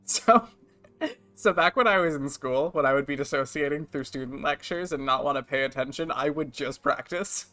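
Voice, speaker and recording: A woman's voice: low voice, moderate pace, fairly bright tone, faint music behind. A young woman streaming, chatting casually and playfully with jokes. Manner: playful, joking, bursts of laughter.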